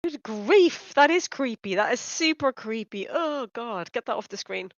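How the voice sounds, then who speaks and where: A woman co-hosting a live stream, chatting casually with lots of fillers and quick asides. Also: a little high, lively intonation, no room sound. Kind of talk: casual chat. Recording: dry, dull lo-fi audio.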